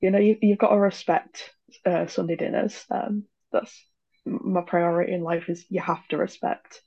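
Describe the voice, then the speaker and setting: Giggly woman with a husky, gravelly voice. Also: fairly low pitch, fairly even intonation, normal speed, dark tone, muffled recording. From Yorkshire, England. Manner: giggly, hesitant with many ums. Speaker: podcast guest. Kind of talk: casual chat.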